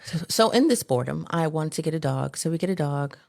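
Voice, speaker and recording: Middle-aged woman guest, deep fry-edged voice, matter-of-fact storyteller. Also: expressive, quick pace, darkish tone, dry recording, studio quality. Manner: conversational, filler-heavy, matter-of-fact. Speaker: interview guest. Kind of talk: casual interview storytelling.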